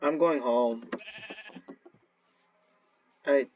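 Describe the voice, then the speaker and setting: A man's voice: mid-range voice, very slow. A man rambling through solo gameplay commentary on a cheap microphone, erratic and given to shrieking and swearing at sudden scares. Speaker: gaming video creator. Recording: dull lo-fi mic with faint hiss.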